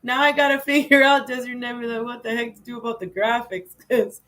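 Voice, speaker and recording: A woman's voice: a little high, level tone, brisk, a bit bright, low-quality recording. A woman hosting a casual spiritual livestream, rambling and repeating phrases, often laughing. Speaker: livestream host.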